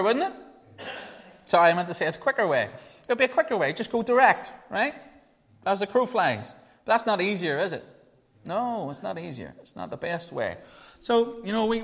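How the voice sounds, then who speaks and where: Pastor guy preaching, slightly high voice, lots of questions to the room, long church hall echo. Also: a bit bright. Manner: earnest, conversational preaching with rhetorical questions. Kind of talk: sermon with opening prayer.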